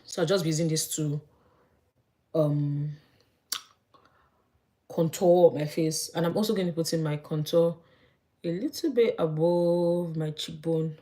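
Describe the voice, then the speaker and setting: A young woman chatting as she does her makeup, gossiping in an animated way. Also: sits low, unhurried, pauses often. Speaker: vlogger. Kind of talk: casual chat while doing makeup.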